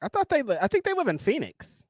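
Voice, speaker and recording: A man's voice: extremely high pitch, wildly swooping pitch, quick pace, no room sound. A man from Oakland co-hosting a wrestling watchalong, joking animatedly and swearing a lot. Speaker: co-host of a wrestling watchalong stream. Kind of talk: casual chat.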